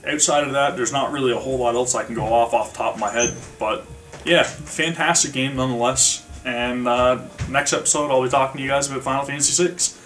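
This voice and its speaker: A man's voice: mid-range voice, fairly even intonation, a little fast, fairly bright tone. Casual rambly guy doing a game review vlog, bit far from the mic. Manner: rambling, many fillers and restarts. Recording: slightly distant mic with faint music behind.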